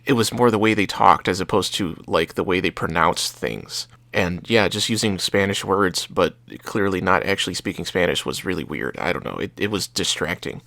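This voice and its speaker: A man's voice: deep voice, normal speed, creaky, hardly any pauses, bright, forceful tone, no room sound. A young man co-hosting a casual movie chat, rambling and hesitant, with many restarts. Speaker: podcast co-host.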